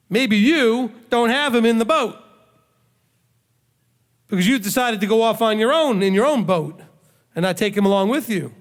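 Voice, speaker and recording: A man who leads a congregation, preaching a conversational sermon full of rhetorical questions and emphatic repetition. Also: high voice. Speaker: rabbi, congregation leader. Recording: long hall reverb.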